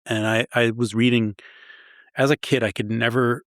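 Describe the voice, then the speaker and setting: A man's voice: mid-range voice, little pitch movement, normal speed, a bit bright, dry recording, studio quality. A male historian from Long Island, telling stories in a self-deprecating and enthusiastic way. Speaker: historian guest. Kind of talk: conversational storytelling.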